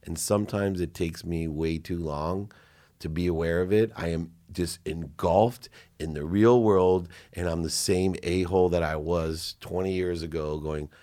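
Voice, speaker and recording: A man's voice: sits low, steady tone, unhurried, warm tone. A middle-aged man who is a guest on a podcast, telling personal stories in an earnest, confessional way and acting out his own quotes. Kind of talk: casual interview chat.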